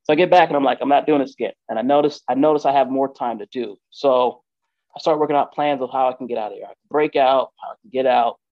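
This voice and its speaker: A man casually telling an emotional personal story, candid and animated, acting out the lines of the people in it. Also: mid-range voice, fast talker, dry recording, lo-fi sound. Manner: emotional, candid, animated retelling with quoted dialogue. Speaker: guest telling his story.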